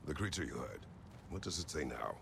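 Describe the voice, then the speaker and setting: An actor voicing a stern, gruff warrior god and grim father, with a terse, blunt delivery in video game dialogue. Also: a bass voice, expressive, a little fast, heavily acted. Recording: game audio with background noise.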